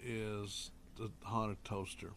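A man, a paranormal investigator guest, telling drawn-out, folksy anecdotes in casual chat with many pauses and hesitations. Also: on the low side, flat delivery, a crowd in the background. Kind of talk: casual storytelling.

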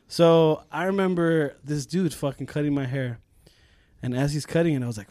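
A man's voice: a little high, moderate pace, no echo. A young man on a podcast, telling a story in casual chat, swearing a lot and acting out what people said. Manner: animated, profane, acts out quotes in raised voices. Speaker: podcast co-host.

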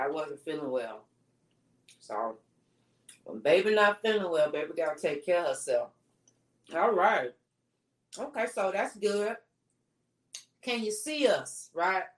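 A woman co-hosting a casual live-stream chat, talking in a laid-back, slangy way. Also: mid-range voice. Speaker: co-host.

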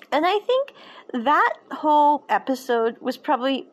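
A woman's voice: high voice, very animated, measured pace. A woman chatting casually as a show reviewer, enthusiastic and prone to digressions.

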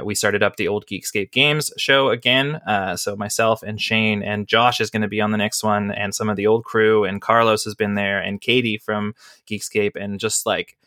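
Hiccuping throughout, a man hosting a podcast rambles through casual chat full of fillers and laughs. His fairly low voice is bright and forceful, recorded at studio quality with no room sound.

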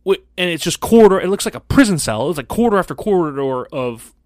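A middle-aged man on a podcast, telling a childhood story in a casual, animated, profane way and acting out the other people's lines. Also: sits high, fast talker, no room sound, studio quality. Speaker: podcast co-host.

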